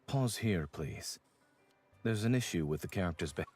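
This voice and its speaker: A man voicing a calm young doctor-actor in a game, speaking in a measured, gently amused way. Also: low-pitched. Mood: businesslike. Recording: game audio under background music.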